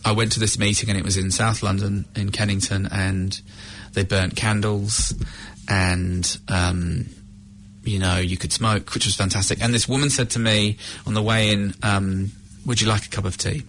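Low-voiced British man, candid and halting. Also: flat delivery, fairly bright tone, a little hiss or hum. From United Kingdom. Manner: candid, halting, reflective with restarts. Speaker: recovering alcoholic sharing his story. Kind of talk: personal testimony.

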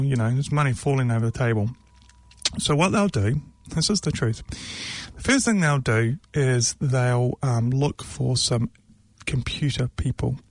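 A man's voice: mid-range voice, vocal fry, dry recording. A man, talking casually and jokingly, rambling with many ums and mocking asides. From New Zealand. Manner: rambling, joking, mocking, with frequent filler words. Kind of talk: casual opinion monologue.

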